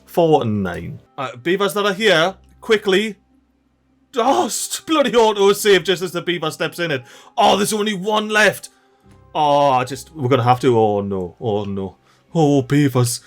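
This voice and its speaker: A young man commentating a strategy game, animated and frantic, often shouting at his in-game workers. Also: on the high side, normal speed, faint music behind. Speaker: gameplay commentator. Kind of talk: let's play commentary.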